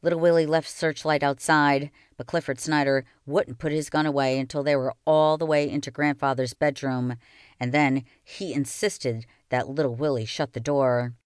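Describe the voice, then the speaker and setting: A woman reading a children's novel aloud with slow, expressive storytelling. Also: deep voice, clean tone, no room sound, studio quality. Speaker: reader.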